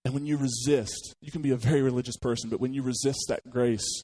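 A man's voice: mid-range voice, quick pace, slightly rough. Man preaching a story-driven sermon. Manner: storytelling, animated quotes, frequent restarts. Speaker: pastor.

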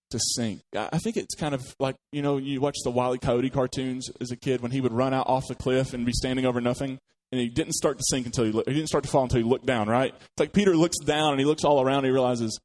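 A man's voice: mid-range voice, a little mellow. A man preaching a sermon, telling personal stories and acting out quoted voices, with frequent restarts. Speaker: pastor.

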